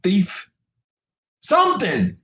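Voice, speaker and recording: A man's voice: sits high, huge pitch swings, drawn-out words, bright, forceful tone, reverberant, rough recording. A man giving a live-stream rant about boxing, frustrated and profane, often repeating himself. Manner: emphatic, profane, repetitive.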